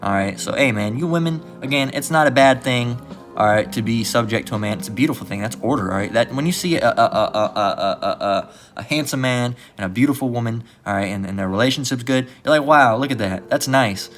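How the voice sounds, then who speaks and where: A man's voice: mid-range voice, fast talker, soft background music. A man giving a casual religious lesson in a blunt, profane way, often tagging his points with "all right". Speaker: religious teacher.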